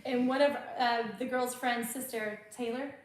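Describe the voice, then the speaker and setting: A woman's voice: a little high, steady tone, moderate pace. A woman, chatting casually as host and telling stories with a lot of laughter. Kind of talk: casual chat. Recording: very echoey room, faint noise.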